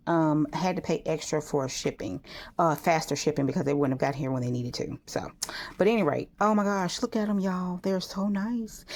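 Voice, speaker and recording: A woman chatting casually and excitedly while making a gift on camera, full of exclamations. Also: sits low, vocal fry. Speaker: crafter vlogger. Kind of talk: casual talk while crafting.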